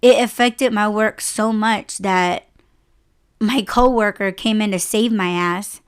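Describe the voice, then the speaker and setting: Slow-talking emotional woman podcaster. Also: medium pitch, smooth. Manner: emotional, close to tears, many fillers and restarts. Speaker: podcast host. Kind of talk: casual personal storytelling.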